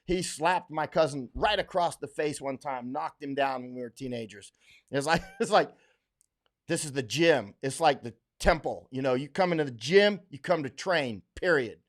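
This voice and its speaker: A man's voice: on the high side, moderate pace. Rambling middle-aged man from Florida. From Florida, USA. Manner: rambling, many fillers and restarts; blunt, emphatic, laughs often. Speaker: livestream host reading viewer comments. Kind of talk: casual rambling livestream chat.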